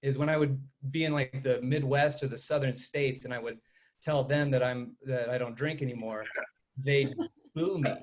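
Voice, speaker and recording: A man's voice: mid-range voice, fairly even intonation, normal speed. A man doing a rambling stand-up set over a video call, laughing at his own jokes. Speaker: stand-up comic.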